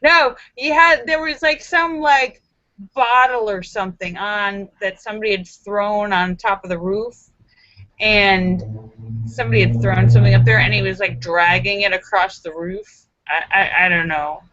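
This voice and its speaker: A woman's voice: medium pitch, moderate pace, bright, forceful tone, no room sound, muffled recording. A woman hosting a casual live stream from home, greeting viewers by name and telling a story with squeals and exclamations. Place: home in the city.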